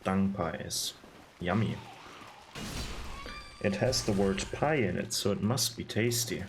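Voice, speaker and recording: A man's voice: sits low, unhurried, noisy background. A man giving casual, sarcastic gameplay commentary, rambling and disgusted. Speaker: gaming video host.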